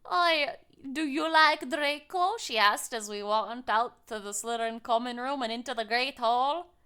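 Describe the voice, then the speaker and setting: A gothic teenage vampire girl, as a woman reads her out tells her story in a shaky, drifting Scottish-Irish accent. The voice sits high and bright, and the reading is slow and deliberate. It is a comic dramatic reading of fan fiction. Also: clear, resonant tone. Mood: mock-dramatic.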